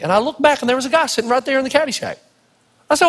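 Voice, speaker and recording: A man's voice: very high-pitched, racing. A man from Tennessee preaching a sermon, telling stories and acting out the dialogue in raised voices. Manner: animated storyteller, acts out dialogue in raised voices. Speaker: pastor. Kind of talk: sermon with storytelling. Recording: long hall reverb.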